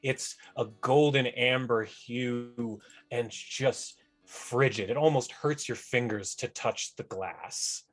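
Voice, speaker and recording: A man's voice: mid-range voice, takes it slowly. A man narrating a tabletop game as game master, chatty and descriptive, often correcting himself.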